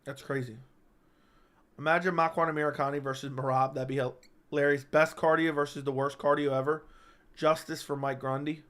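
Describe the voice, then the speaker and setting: A man's voice: a little high, flat delivery, a little fast, a bit bright, clean tone. A man hosting a casual live-stream chat, answering viewers while stuck with hiccups, stopping and restarting his sentences. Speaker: MMA channel host.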